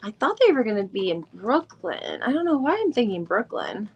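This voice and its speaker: A woman with a slightly high voice chats her way through a live stream recap. She rambles, thinks aloud while she searches for details, and drops in fillers and the odd curse word. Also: very animated, normal speed, gravelly, darkish tone, lo-fi sound, slight background noise. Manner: mild swearing, frequent fillers. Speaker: podcast host doing a live recap. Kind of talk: casual live-stream chat.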